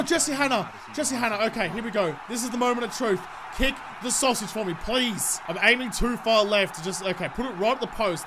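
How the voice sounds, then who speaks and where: A young man commentating his own football video game live, excitable and sweary, shouting at his players. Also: extremely high pitch, background noise. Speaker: gaming YouTuber.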